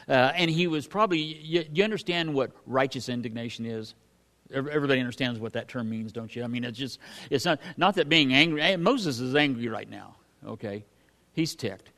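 Guy preaching casually, folksy and halting, lots of uh and restarts, average pitch. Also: fairly bright tone. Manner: reads scripture aloud then comments on it. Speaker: pastor. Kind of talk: conversational Bible teaching.

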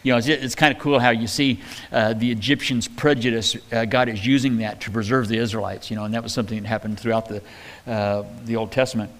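A pastor teaches from the Bible in a relaxed, conversational way, adding joking asides. He has a mid-range voice and speaks at a quick pace.

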